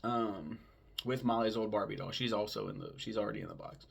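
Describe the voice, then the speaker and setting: A man with a low, gravelly voice walks through a film's plot in a loose, rambling recap. He leans on filler words and swears freely, like someone talking off the cuff. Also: brisk. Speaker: film podcast host. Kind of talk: casual film recap.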